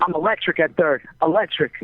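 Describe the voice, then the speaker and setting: A man's voice: a little high, a little fast, no echo. Brash man on a tinny phone line. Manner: brash, boastful, excitable. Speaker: phone-in guest. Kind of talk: casual chat. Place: outdoors on a sports field.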